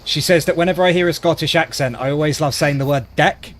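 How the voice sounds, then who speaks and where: A man's voice: a little high, fast talker. A man from Wales chatting as a gaming streamer, reacting with disgust and cracking self-deprecating jokes. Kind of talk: casual gaming commentary.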